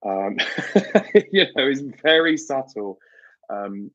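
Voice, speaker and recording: Taking it slowly in a lowish, fairly bright voice, a British man runs a livestream, laughing often and chatting lively with viewers in British English. The audio is dull and lacks any room sound.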